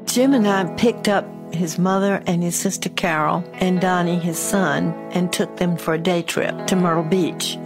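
A woman recalling shared memories in a gentle, conversational way. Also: lowish voice, fairly even intonation, moderate pace, few pauses. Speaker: interviewee. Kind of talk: casual recollection. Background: guitar music.

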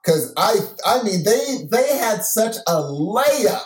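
A man co-hosting a podcast with a fairly high voice. He gets excited and animated as he talks. His voice sounds roomy and echoey, as if he is recording in a bare room. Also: takes it slowly. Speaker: podcast co-host. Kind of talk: casual chat.

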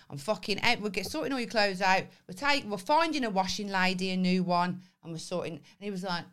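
A woman, co-hosting a podcast in casual chat and telling stories in a lively, sweary way. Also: mid-range voice, brisk, hardly any pauses, clean tone. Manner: sweary, animated storytelling with laughs. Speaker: podcast co-host.

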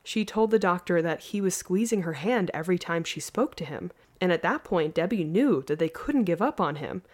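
Podcast host, woman, lowish voice, earnest casual storyteller. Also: normal speed. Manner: earnest, lively, laughs easily.

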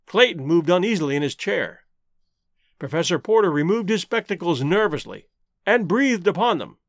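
A man narrates an old adventure novel with an expressive, theatrical delivery. His voice sits high and moves a lot. The recording is dry and close. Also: no room sound. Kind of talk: audiobook narration.

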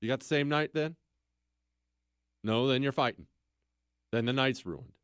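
A middle-aged man hosting a talk radio show, reading listener mail and ranting emphatically, jumping from loud exclamations to low mutters. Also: measured pace, clean tone, no echo, clean studio sound.

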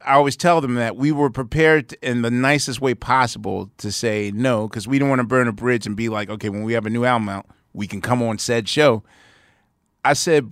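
A man's voice: medium pitch, dry recording, studio quality. A man hosting a podcast in casual chat, telling rambling anecdotes full of "like". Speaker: podcast host.

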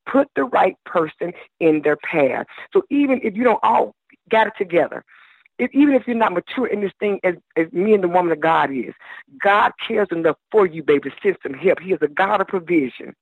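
A man's voice: high voice, lively intonation, brisk, gravelly, husky, dry recording. A man calling in as a guest minister on a radio show, preaching with fervent cadence and calling listeners "baby". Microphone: telephone. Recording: tinny phone line.

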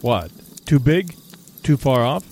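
A man's voice: mid-range voice, sing-song, slow, darkish tone, exaggerated voice. A man voicing a nervous younger male hunter who stammers and speaks sharply.

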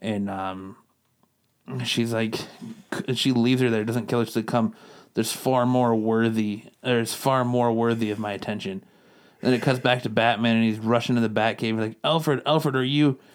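A man's voice: fairly low pitch, little pitch movement, moderate pace, smooth. A man co-hosting a casual podcast, rambling through a comic plot and tossing in quoted lines as he goes. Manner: rambling recap, quotes characters in passing. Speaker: podcast co-host reviewing comics. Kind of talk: casual chat.

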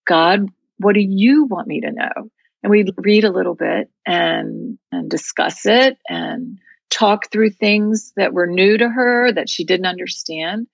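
A woman's voice: mid-range voice, a little slow, vocal fry, no echo, lo-fi sound. A woman guest in an interview telling a story in an earnest, heartfelt way.

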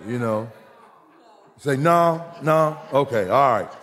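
A man preaching a sermon as pastor, animated and jokey, swinging between loud and soft. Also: mid-range voice, takes it slowly. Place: church hall. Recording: reverberant hall recording.

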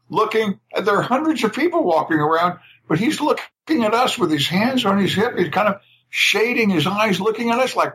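A man's voice: high-pitched, fairly bright tone, rough recording. An older man, a writer guest on a podcast, telling casual anecdotes with frequent laughs and repeated words. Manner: chatty storyteller, laughs often, repeats words.

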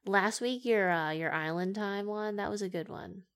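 A woman's voice: mid-range voice, normal speed, clear, resonant tone. A woman co-hosting a casual movie review podcast, teasing and joking as she talks. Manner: joking, teasing, laughs often. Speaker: podcast co-host.

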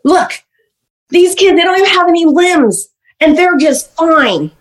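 A woman's voice: high-pitched, sing-song, brisk, pitched above the performer's own voice. Woman acting out a furious scolding mother. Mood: stern. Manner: harsh, scolding, blunt. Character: furious mother scolding her young child.

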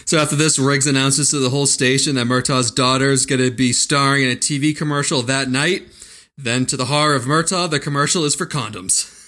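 Bright-voiced man laughing through movie chat. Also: mid-range voice, steady tone, a little fast. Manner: laughing often, swearing. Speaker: podcast co-host. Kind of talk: casual movie-review chat.

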